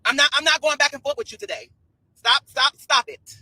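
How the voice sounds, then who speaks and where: High bright sassy man on a livestream. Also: steady tone, a little fast, dry recording, poor audio. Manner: sassy, scolding, repetitive. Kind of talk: livestream rant.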